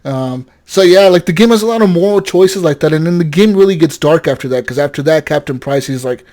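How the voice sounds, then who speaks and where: A young man co-hosting a gaming podcast, telling a story with animated energy, swearing and acting out the characters' lines. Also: on the high side, a little fast. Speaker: podcast co-host. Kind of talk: casual gaming chat.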